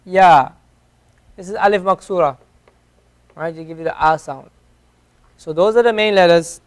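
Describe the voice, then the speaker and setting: Man, classroom teacher, crisp resonant voice, high pitch, repeats letter sounds patiently. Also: normal speed. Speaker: Arabic teacher. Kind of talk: classroom lesson. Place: classroom at an Islamic center.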